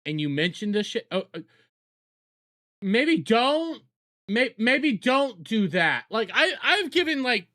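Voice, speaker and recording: A woman streaming a live reaction to a video, talking bluntly, swearing freely and thinking out loud. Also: on the low side, no room sound, studio quality.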